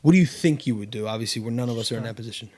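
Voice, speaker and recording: A man's voice: mid-range voice, very fast, dark tone. A man hosting a casual podcast chat, telling a story with lots of fillers and restarts. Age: adult with kids. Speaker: podcast host.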